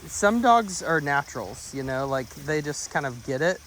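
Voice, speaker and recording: A man's voice: normal speed, a little hiss or hum. A man working as a dog trainer, coaching an owner outdoors in an upbeat way, laughing often. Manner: upbeat, laughs often, breaks into high excited praise for the dogs. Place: outdoors near a pond.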